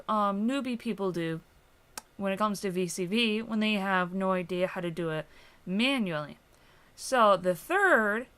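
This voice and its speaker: A young woman hosting a casual software tutorial, explaining things in a rambling way with lots of fillers. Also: mid-range voice, clean tone. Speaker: tutorial host.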